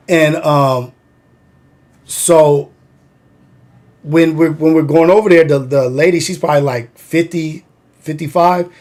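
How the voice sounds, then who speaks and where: A man's voice: a little high, darkish tone. A man hosting a livestream, telling a story in a rambling, profane way with a constant "like". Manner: rambling, profane, heavy use of "like". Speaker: livestream host.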